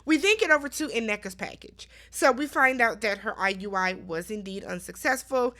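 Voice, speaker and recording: A woman's voice: mid-range voice, expressive, moderate pace, bright, forceful tone. A woman casually recapping a reality TV reunion episode, talking straight to her viewers in a chatty, conversational way. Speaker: recap vlogger.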